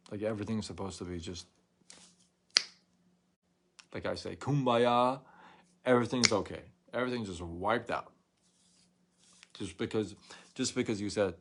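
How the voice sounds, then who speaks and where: A man hosting a live show, telling a long story in a casual, animated way and acting out both sides of a phone call. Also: fairly low pitch, normal speed, creaky, pauses often. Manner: animated, retells a frustrating phone call with many quoted exchanges.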